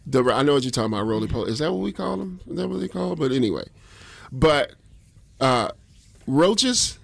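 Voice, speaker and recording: A man from Detroit hosts a morning radio show in a studio, trading jokes with his co-host. His voice sits at an everyday middle pitch. He talks in a lively, playful way and sometimes imitates sounds. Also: brisk, gravelly. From Detroit, USA. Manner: animated, jokey, imitates sounds. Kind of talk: casual morning radio banter. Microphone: studio microphone.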